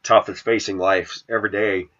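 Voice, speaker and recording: A man's voice: fairly low pitch, little pitch movement, moderate pace, fairly bright tone. A middle-aged man with the sniffles, scolding and preaching to his channel's viewers in a combative rant. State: sniffly with a cold. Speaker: video channel host. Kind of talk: ranting to camera. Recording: dull lo-fi sound.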